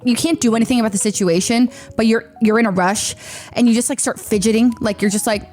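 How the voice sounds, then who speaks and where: A young woman, a streamer, telling a story in a lively, casual way with lots of fillers and sound effects. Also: fairly high pitch, fast, soft background music.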